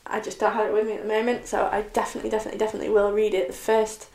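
A young woman talking to camera in a personal confessional vlog, halting and tearful, often breaking off and restarting her sentences. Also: mid-range voice, little pitch movement, vocal fry, echoey room. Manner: halting, many restarts and soft trailing phrases. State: tearful, upset. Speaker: vlogger.

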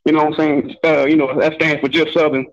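A male caller on a radio show, laid-back and reassuring, repeating himself to calm listeners. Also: a little high, fast talker, highs cut off, noisy background. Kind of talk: call-in radio chat.

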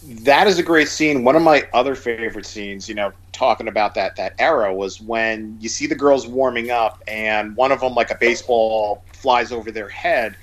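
A man's voice: mid-range voice, normal speed, few pauses. A man in casual conversation, talking at length with many fillers and restarts. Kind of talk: casual chat about movies.

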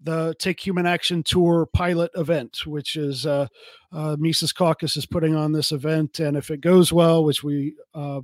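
A male podcast host with a slightly high voice and a dry, close sound. He asks questions haltingly and piles on fillers. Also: level tone, dry recording. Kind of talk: casual podcast interview.

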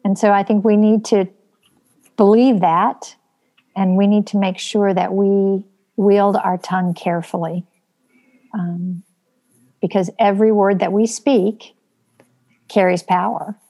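A woman co-hosting a faith podcast, speaking in an earnest, measured way. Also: medium pitch, steady tone, warm tone. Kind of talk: casual faith podcast chat.

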